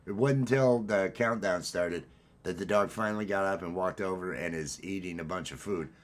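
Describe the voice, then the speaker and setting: A man's voice: low-pitched, normal speed. A man hosting a casual livestream from home, upbeat and rambling as he greets his viewers. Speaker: livestream host. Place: at home, green screen.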